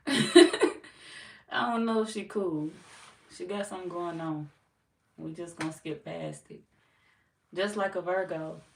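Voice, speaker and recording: A woman's voice: lowish voice, expressive, slow pace, creaky, long pauses. Laid-back woman chatting far from the mic. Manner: laid-back, teasing, laughs often, slangy. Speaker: tarot livestream host. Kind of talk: casual livestream chat reading comments. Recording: roomy echo, off-mic, faint noise.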